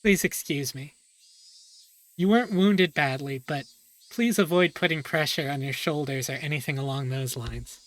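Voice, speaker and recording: A woman voicing a calm, reassuring adult school nurse. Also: low voice, moderate pace, lightly acted, low-quality recording.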